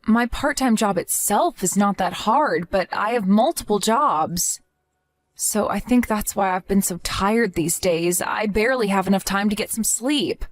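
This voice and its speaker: A woman's voice: medium pitch, measured pace, no echo, natural voice. A woman voicing an exhausted young mother in a family drama who apologizes and begs for help. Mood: apologetic. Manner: apologetic, pleading.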